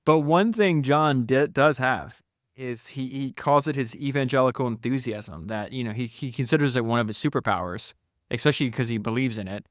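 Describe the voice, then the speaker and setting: A man hosting a solo podcast, talking enthusiastically through book passages with frequent laughs and quick asides. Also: medium pitch, no room sound, clean studio sound. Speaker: podcast host.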